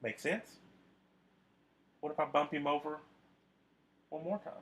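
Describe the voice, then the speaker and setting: A man's voice: fairly high pitch, unhurried. A man teaching a video math lesson to his students, talking conversationally with frequent fillers and restarts.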